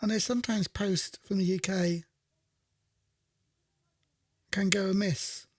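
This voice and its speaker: At a studio microphone, a man hosting a radio music show chats casually, thinking aloud and correcting himself as he goes. His voice sits high with a steady tone and a slow pace, and there's no echo.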